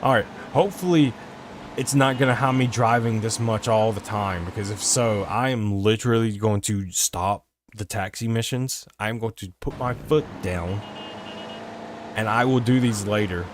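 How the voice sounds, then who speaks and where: A man's voice: lowish voice, moderate pace, noisy background. A man giving casual gameplay commentary on a stream, rambling and swearing in frustration, talking into a desk microphone. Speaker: gaming streamer.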